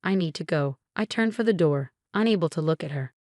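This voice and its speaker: Low-voiced woman narrating a story. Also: expressive, a little fast, a little mellow, no room sound, studio quality. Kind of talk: first-person story narration.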